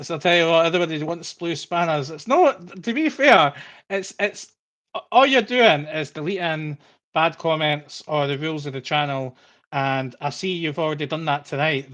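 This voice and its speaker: A man's voice: on the high side, fairly bright tone. A man hosting a podcast in casual chat, rambling and laughing often. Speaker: podcast host.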